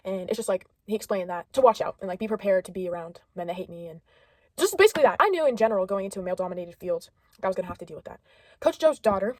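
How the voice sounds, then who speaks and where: A teenage girl talks fast into her camera for a personal video diary. Her words come out in a loose ramble, packed with "like" and second thoughts. She sounds candid and a little unsure of herself. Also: fairly high pitch, a little mellow, no room sound. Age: late teens. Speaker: high school senior vlogger.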